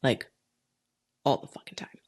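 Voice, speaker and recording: On her solo podcast, a woman with a darkish tone speaks at a moderate pace, working through her feelings out loud. Her talk is blunt, heavy on swearing and packed with emphatic rhetorical questions.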